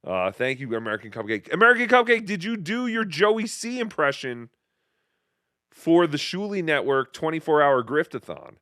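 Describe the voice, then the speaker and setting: A man hosting a casual livestream, reading viewer messages and riffing with jokes and quick impressions. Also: fairly high pitch, sing-song, sharp tone, dry recording, clean studio sound. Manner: riffing, jokey, slips into silly impressions. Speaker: show host.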